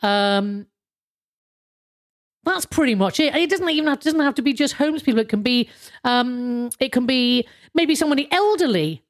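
Rambling British woman, slightly high voice. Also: animated, normal speed. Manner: rambling, chuckles often, swears freely. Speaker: podcast host. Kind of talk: casual monologue.

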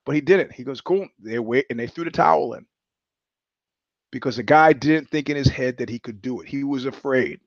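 A man's voice: medium pitch, fairly quick, no echo, lo-fi sound. Blunt, profane male podcast host. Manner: blunt, profane storytelling with frequent restarts. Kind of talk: casual monologue.

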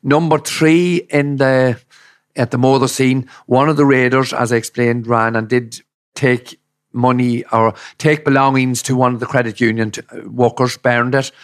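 A middle-aged man, a campaigning father telling his case in an interview, emphatic and indignant. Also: mid-range voice. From Ireland. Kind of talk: podcast interview.

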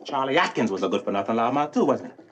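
A man's voice: mid-range voice, sing-song, fast, noisy background, lightly acted. An actor playing a frustrated grown man pleading with his wife, bitter, with a light island lilt, on an old film soundtrack. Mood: mocking. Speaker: film actor in a dramatic scene.

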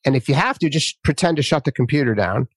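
A man hosting a casual conversation, relaxed and chatty, laughing as he tells stories. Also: medium pitch, fast talker, breathy edge, no room sound. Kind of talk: casual chat.

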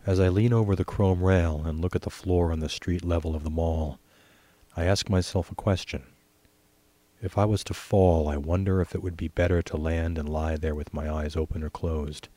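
A man reading a first-person short story in a wry, deadpan way. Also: very deep voice, normal speed, dry recording. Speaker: story reader.

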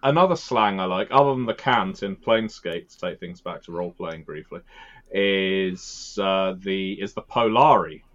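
A man talks casually on a game podcast, rambling and wry. His voice sits low. The audio is dull and lo-fi. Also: normal speed, a bit bright. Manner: rambling, wry, laughs at his own jokes. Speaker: podcast co-host, game master. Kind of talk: casual chat.

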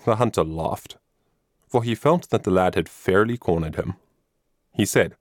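A man narrating a children's story with measured, expressive reading. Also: low-pitched, no echo, studio quality.

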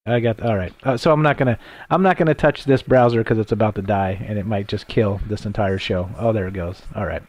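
A man's voice: fairly low pitch, brisk, a little mellow, no room sound, muffled recording. A man hosting a casual late-night radio talk show from a laptop while on the road, rambling and poking fun at his own stumbles. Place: traveling, broadcasting from a laptop.

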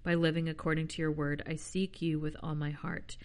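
Woman host, low pitch, reads scripture plainly, casual between passages. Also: flat delivery, brisk. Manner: chatty, self-deprecating asides. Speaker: podcast host. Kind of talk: reading scripture aloud with casual asides.

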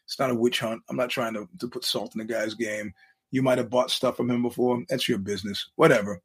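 A man's voice: mid-range voice, steady tone, a little fast, breathy edge. A man hosting a podcast, talking casually in a rambling way, restarting his sentences often and quoting other people as he goes. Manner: rambling, frequent restarts, quotes others in voices. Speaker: podcast host. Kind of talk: casual monologue to listeners.

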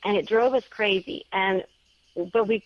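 A woman's voice: medium pitch, fairly even intonation, normal speed, dry recording. A woman author telling a story as an interview guest, chatty and earnest. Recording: dull dry lo-fi sound.

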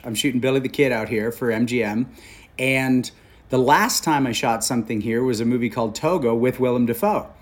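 A man in his forties from Canada tells stories as an interview guest. His voice sits at a middle pitch, and he talks in an animated, candid way. The talk stays loose and conversational. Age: 40s. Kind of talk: casual storytelling conversation.

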